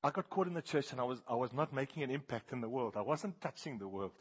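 A man preaching a sermon, firing questions at the congregation and swinging between hushed and loud passages. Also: mid-range voice, lively intonation, quick pace, breathy edge, highs cut off.

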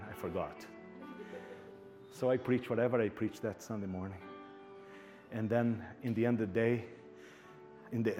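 A male pastor telling a story in a sermon. He acts out the dialogue with animation and often repeats words. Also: lowish voice.

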